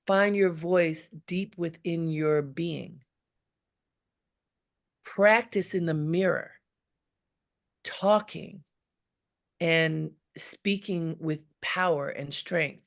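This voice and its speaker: A woman leadership coach giving measured, emphatic advice in a live webinar, speaking from deep in her chest. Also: vocal fry. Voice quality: grounded low voice. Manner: measured, emphatic, repeats key phrases.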